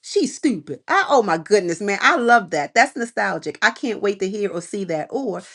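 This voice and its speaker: Baltimore-accented woman hosting radio, lively, bright and punchy delivery. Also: mid-range voice. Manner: animated, quick, laughing often. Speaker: radio show host. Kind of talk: casual radio interview.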